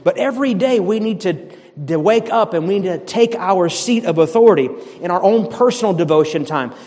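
A man's voice: high voice, animated, brisk, darkish tone. A man from the area preaching a sermon as pastor, with fervent, conversational delivery and repeated emphatic commands. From Boston area, USA. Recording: long hall reverb.

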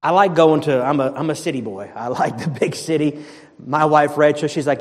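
Pastor from the area, male, high-pitched, fervent and chatty, heard with long reverb. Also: normal speed. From Boston area, USA. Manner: fervent, conversational preaching with repeated emphatic commands. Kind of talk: sermon.

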